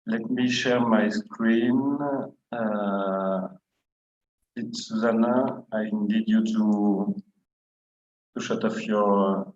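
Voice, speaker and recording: A man joining a webinar as a guest over a video call, speaking slowly and haltingly. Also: lowish voice, a little mellow. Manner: slow and halting. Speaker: guest panelist. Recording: roomy dull call audio with faint noise.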